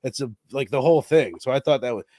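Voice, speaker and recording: A man in a relaxed movie chat who gets lively and playful, jumping into little impressions of lines he loved. His voice sits at a middle pitch, and the recording is dry, with no room sound around him. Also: fast, dry recording. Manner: animated, quotes film lines in playful voices. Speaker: podcast co-host. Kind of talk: casual film discussion.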